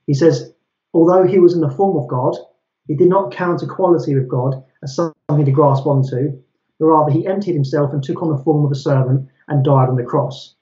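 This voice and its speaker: Brief: man, christian debater, measured scripture-citing argument, mellow darker tone, echoey dull recording. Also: a little high. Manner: methodical, citing scripture verse by verse.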